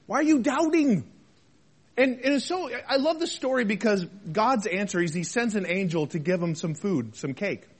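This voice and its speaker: High-voiced man preaching a sermon. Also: normal speed, few pauses. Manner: conversational preaching with rhetorical questions, animated swings between loud and soft. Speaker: pastor.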